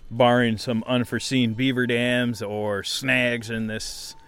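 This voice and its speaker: A man's voice: medium pitch, little pitch movement, slow pace, a bit bright, clean tone. Laid-back man with dry humor. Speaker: co-host of a trip podcast. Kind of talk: casual chat on a canoe trip. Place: outdoors by a river in the wilderness.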